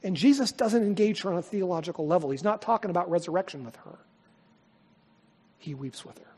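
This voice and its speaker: Husky high-voiced male pastor preaching. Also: lively intonation, fairly quick. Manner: emphatic preaching, swinging from loud to hushed. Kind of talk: sermon. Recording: long hall reverb.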